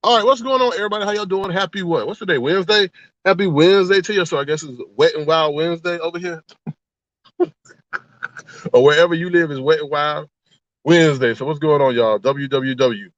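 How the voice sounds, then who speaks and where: A man's voice: a little high, fairly quick, fairly bright tone, no echo. A man hosting a casual livestream, greeting viewers one by one and gossiping in a teasing, chatty way with frequent laughs. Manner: laughs often and breaks into exaggerated outbursts. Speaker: livestream host. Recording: dull, lo-fi dry sound.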